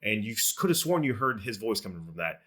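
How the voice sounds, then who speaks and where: Man, game master, lowish pitch, bright tone, easygoing. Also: sing-song, fast, husky. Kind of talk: narrating a tabletop game.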